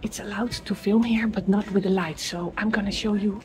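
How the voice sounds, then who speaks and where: A woman with a Dutch accent chatting excitedly in English on a handheld travel vlog, breaking into hushed, awed asides. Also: a little fast, hardly any pauses, crowd noise, poor audio. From Netherlands. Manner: excitable, talks to animals in a high baby voice. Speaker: travel vlogger. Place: outdoors in a park and inside a castle in Japan.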